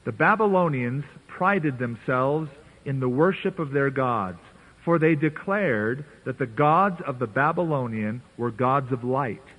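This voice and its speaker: A pastor preaches an earnest, conversational sermon, playfully voicing biblical characters as he reads from scripture. His medium-pitched voice is animated, unhurried, and husky, heard through a tinny, phone-like radio broadcast.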